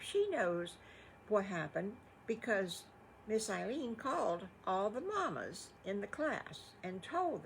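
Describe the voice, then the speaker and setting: A grandmother storyteller improvises children's bedtime stories in a folksy, rambling way. Her voice is fairly low and creaky, with slight background noise on a low-quality recording.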